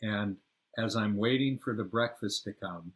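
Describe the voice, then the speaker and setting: An older man tells his travel memories on a podcast. His speaking voice sits a bit low, and he rambles, stopping to hunt for the right word. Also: a little slow. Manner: rambling, searches for words. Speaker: podcast host and storyteller. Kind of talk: personal travel storytelling.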